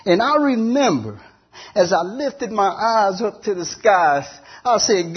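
A man with a husky, slightly high voice delivers a dramatic personal testimony. He tells it earnestly, pausing often and doubling up words. The recording sounds dull and lo-fi. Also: sing-song. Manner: earnest storytelling with long pauses and repeated words. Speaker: testimony speaker.

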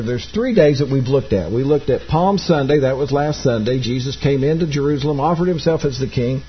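A husky-voiced man preaches a sermon, reading scripture aloud and breaking in with plain explanations. His voice sits a little high for a man. The recording is dull and lo-fi. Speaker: pastor.

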